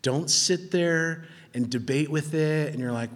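A fairly high-voiced man preaching in a church, talking to the congregation in a conversational, emphatic way. He drops low and quiet, then climbs high and loud, and sometimes laughs at his own lines. A long reverb from the big room trails behind his words. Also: measured pace, hardly any pauses. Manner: chuckles at his own points. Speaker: pastor. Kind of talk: sermon.

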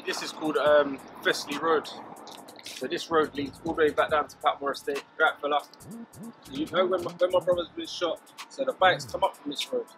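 A man's voice: a little high, expressive, moderate pace, music in the background, poor audio. Young London man, casual walking narration. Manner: casual, pointing out places as he walks. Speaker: documentary subject.

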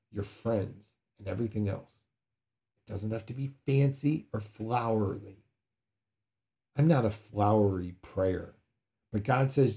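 A man's voice: mid-range voice, gravelly, mellow. A man preaching a sermon in a conversational way, acting out prayers with sudden dramatic outbursts. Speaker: pastor.

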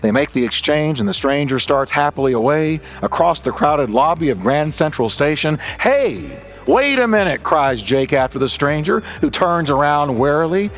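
A man's voice: on the high side, moderate pace, hardly any pauses, a bit bright. A man preaching a sermon as pastor, telling stories and acting out the characters' lines with emphatic delivery. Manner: storytelling preacher, acting out voices in a joke.

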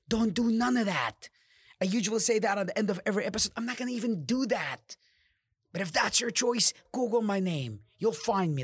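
Male podcast host, motivational rant, heavy cursing, dead-dry close mic. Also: no room sound. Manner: profane, fired-up preaching with sudden drops to low growls. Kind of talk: motivational monologue.

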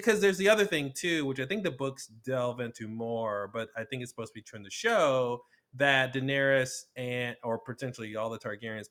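A man's voice: mid-range voice, pushed and bright. A man in a casual podcast discussion, building an argument point by point.

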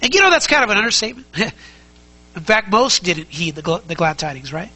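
Male pastor preaching, bright ringing voice, middle-aged, emphatic, rhetorical questions, repeats his points. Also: sits high, expressive, a little fast, poor audio. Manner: conversational, full of rhetorical questions; emphatic, repeats key phrases. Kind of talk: sermon.

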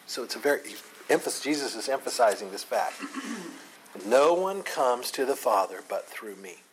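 A man's voice: mid-range voice, fairly bright tone, a little hiss or hum, poor audio. A man preaching a Sunday morning sermon, teaching in an earnest way and leaning hard on the scripture he quotes. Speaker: pastor.

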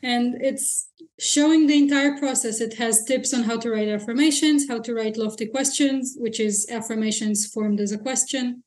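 A woman's voice: fairly high pitch, moderate pace, darkish tone. A woman mindset coach, a podcast guest, explaining her methods in a direct, matter-of-fact way. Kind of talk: casual interview chat.

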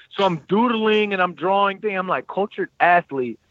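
A man in his thirties casually telling a personal story, animated and acting out what others said. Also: high-pitched, moderate pace, dry recording, muffled recording. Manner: animated, quotes people in lively voices.

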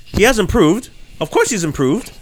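A man's voice: sits high, sing-song, moderate pace. A young man, teasing his friends in a casual podcast chat. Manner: teasing, playful, slangy.

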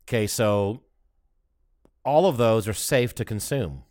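A man's voice: fairly low pitch, a little slow, a little mellow. A man co-hosting a podcast in casual chat, cracking dry teasing jokes and puns. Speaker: podcast co-host.

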